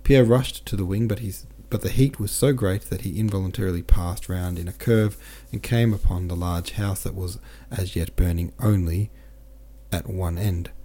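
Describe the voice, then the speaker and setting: A man narrating a classic novel as an audiobook in a steady, measured reading. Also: low voice.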